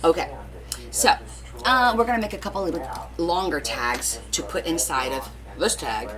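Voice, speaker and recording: A woman's voice: low-pitched, animated, moderate pace. A woman hosting a casual crafting live stream, chatting and joking with viewers and laughing often. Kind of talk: casual chat while crafting, reading viewer comments.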